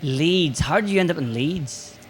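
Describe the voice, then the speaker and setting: Northern irish guy hosting a podcast, kinda high voice, laughs a lot and swears, little hiss in the background. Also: lively intonation, normal speed. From Northern Ireland. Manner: jokey, chatty, laughs often, swears. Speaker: podcast host. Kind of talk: casual podcast chat. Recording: faint background noise.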